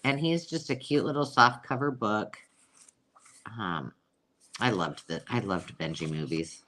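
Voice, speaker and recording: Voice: mid-range voice, unhurried, pushed and bright. A host chatting casually through a live sale, self-mocking and cooing over old pictures. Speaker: host selling vintage books.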